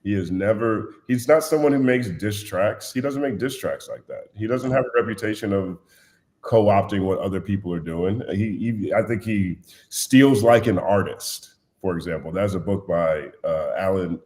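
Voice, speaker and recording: Podcast guest, male, low-pitched, blunt and animated storyteller. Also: moderate pace. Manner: animated, blunt storyteller, puts on voices when quoting. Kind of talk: casual podcast chat.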